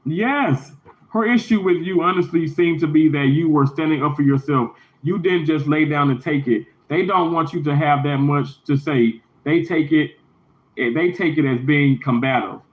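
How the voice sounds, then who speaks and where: Man with a high voice, emphatic and indignant, in a casual livestream rant; roomy, slightly muffled audio. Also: a little slow. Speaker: livestreamer, hospital worker. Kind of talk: casual live stream rant.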